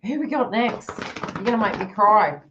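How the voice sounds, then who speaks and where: Lively woman giving a chatty tarot reading. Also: mid-range voice, normal speed, highs cut off, background noise. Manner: chatty, giggly, acts out the listener's inner thoughts. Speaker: tarot reader. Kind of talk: live-stream psychic reading.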